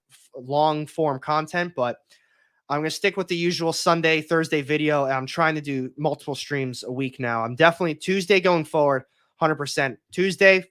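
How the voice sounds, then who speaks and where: Young male livestream host, slightly high-pitched, rambling and opinionated, casual. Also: a bit bright. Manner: rambling, opinionated, with frequent restarts. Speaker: comics YouTuber hosting a livestream.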